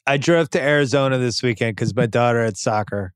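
Smooth-voiced podcast host man. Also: mid-range voice, no room sound, clean studio sound. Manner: relaxed, rambling anecdotes with quick asides. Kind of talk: casual chat.

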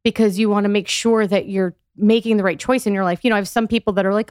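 Woman in her forties, emphatic podcast guest, mid-pitched, dry close sound. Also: fairly even intonation, fast talker, darkish tone, clean tone, dry recording. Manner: emphatic, explains step by step. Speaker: physical therapist guest. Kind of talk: podcast interview.

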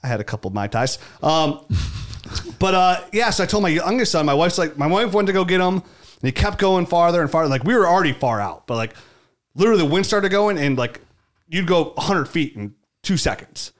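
A man's voice: on the high side, fairly quick. A man in his forties, a podcast co-host, telling stories in casual chat and acting out the quotes. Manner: animated, acts out quotes.

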